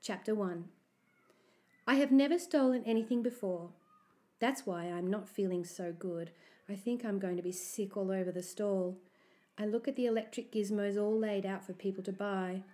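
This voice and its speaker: Brief: a woman narrator reading a children's story with expressive, anxious delivery. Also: medium pitch, moderate pace. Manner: expressive, anxious first-person telling.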